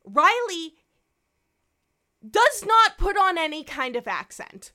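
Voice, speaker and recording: A woman's voice: high-pitched, normal speed. A woman co-hosting a podcast in casual chat, recapping an episode and swearing freely. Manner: animated, swears freely, acts out characters' lines. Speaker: podcast co-host.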